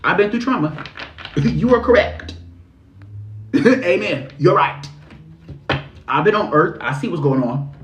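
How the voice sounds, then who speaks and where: Man, fairly high voice, sassy, slangy, animated, livestream tarot reader, echoey room. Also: unhurried, pauses often. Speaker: spiritual reader.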